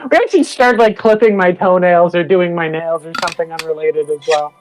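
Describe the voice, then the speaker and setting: A man's voice: sits high, fairly quick, hardly any pauses, soft background music, low-quality recording. A man joining a livestream remotely, chatting casually with playful, joking asides. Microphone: remote call.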